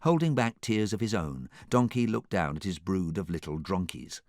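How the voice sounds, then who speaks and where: A man narrating a children's audiobook with an animated, expressive reading. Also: low-pitched, moderate pace, no room sound, clean studio sound.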